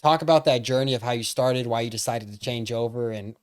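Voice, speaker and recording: A man's voice: medium pitch, fairly quick, clear, resonant tone. A young man with an ordinary mid-range voice hosts a laid-back podcast. He asks questions in a joking, teasing way and keeps the chat casual. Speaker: podcast host.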